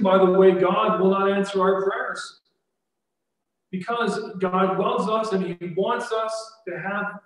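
A man in his forties preaching a sermon, earnest and conversational, full of rhetorical questions. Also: sits high. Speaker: pastor. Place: church sanctuary. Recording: echoey church hall, mic heard from a distance.

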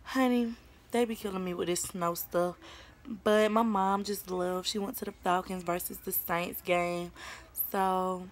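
A woman's voice: fairly low pitch, steady tone, unhurried. Chatty teenage girl from Atlanta. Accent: Southern US, Atlanta. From Atlanta, Georgia. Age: teens. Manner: chatty, informal slang, says "y'all" a lot. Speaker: vlogger. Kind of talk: casual vlog chat. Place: at home indoors. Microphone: phone camera held close.

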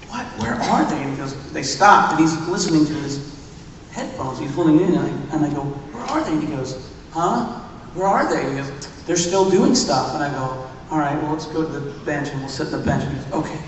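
Animated man telling stories in an echoey hall. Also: on the high side, slight background noise. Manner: animated anecdote-telling, acts out quotes. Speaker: podcast co-host on stage. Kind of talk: live panel storytelling. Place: large convention hall stage. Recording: echoey hall recorded from far off.

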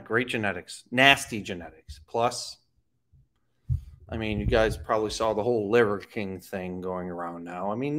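Blunt, lively-voiced man ranting casually. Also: mid-range voice. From Florida. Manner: blunt, profane, with sarcastic mocking asides. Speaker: fitness coach. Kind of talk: casual talking-head commentary. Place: home.

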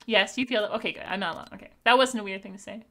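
A woman's voice: mid-range voice, racing, creaky, over music. A young woman from Canada streaming live, chatting in a bubbly way with viewers and laughing often as she thanks them. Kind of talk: casual live-stream chat over gameplay.

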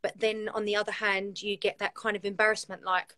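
A woman's voice: medium pitch, little pitch movement, brisk, hardly any pauses, fairly bright tone. A woman, a guest on a live video chat, telling her own story in a candid, heartfelt way. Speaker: guest, community founder.

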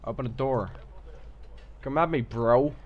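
A man's voice: medium pitch, a little slow, narrow, tinny audio. A man giving casual, joking gameplay commentary, irreverent and profane. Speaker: let's play gamer.

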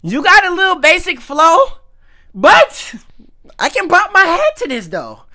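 A man's voice: very high voice, wildly swooping pitch, measured pace, pushed and bright. A man hosting a reaction video, giving blunt, mocking commentary in heavy slang.

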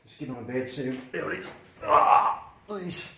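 A man with an Australian accent, chatting casually as he films a travel vlog, relaxed and easygoing. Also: a little high, a little slow, gravelly, breathy edge. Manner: laid-back, chatty, says "mate" and "no worries". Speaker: travel vlogger. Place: outdoors in a moving tuk-tuk, street traffic.

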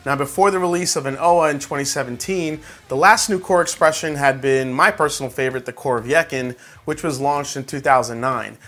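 Bright-voiced New man reviewing whiskey. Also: mid-range voice, brisk, hardly any pauses. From New York. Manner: chatty, many fillers like "like" and "uh"; excitable tasting reactions. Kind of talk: casual tasting review.

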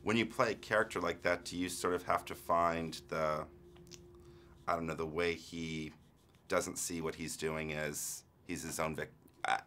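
A male interviewer with a lowish, bright, forceful voice. He asks his questions in a friendly, rambling way. The setting is a studio interview room. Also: steady tone, measured pace. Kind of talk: casual press junket interview.

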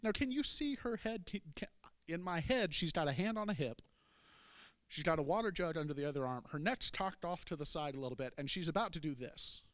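A man's voice: on the high side, animated, brisk, fairly bright tone, no room sound, studio quality. A man preaching a sermon, telling a Bible story in a folksy way with humorous asides. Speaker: pastor.

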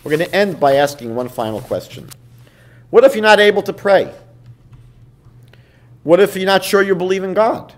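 A man with a somewhat high voice gives a rabbi's evening lecture. He teaches conversationally, moving between stories and passages he reads aloud. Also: moderate pace, long pauses. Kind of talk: evening lecture in a seminar series.

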